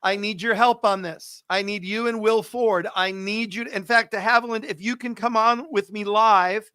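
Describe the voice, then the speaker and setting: A man with a high voice hosts a live stream and makes urgent, pleading appeals to viewers. He repeats his calls to action. The sound is dry and close. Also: steady tone, moderate pace, sharp tone, clear, resonant tone, no room sound.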